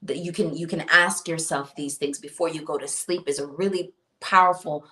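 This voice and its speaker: A woman's voice: deep voice, steady tone, moderate pace, sharp tone. A woman hosting a casual self-help livestream, speaking in a meandering way with repeated words. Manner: meandering, repeats words, reads viewer comments. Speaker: spiritual self-help host.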